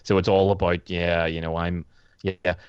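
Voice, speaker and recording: Brief: Northern Irish male co-host, low voice, blunt and sweary. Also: flat delivery, moderate pace, clear, resonant tone, no echo, dull audio. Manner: blunt, profane, stumbling restarts. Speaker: podcast co-host. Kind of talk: casual chat.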